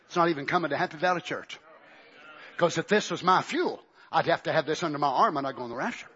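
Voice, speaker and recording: A man preaching a fiery Pentecostal sermon, swinging from shouts to hushed near-whispers. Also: fairly high pitch, fast, husky, dull audio.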